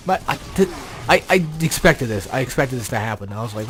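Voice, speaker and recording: Sleepy and yawning, a young man talks through a game in loose, rambling commentary, his mid-range voice expressive, a bit bright, and fairly quick. He swears frequently, turns exasperated, and an odd robotic glitch affects his voice.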